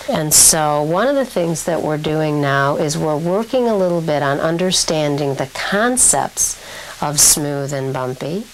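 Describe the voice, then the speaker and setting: A female speech clinician with a low voice. She talks slowly and deliberately, modeling each word with care. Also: a little hiss or hum, poor audio.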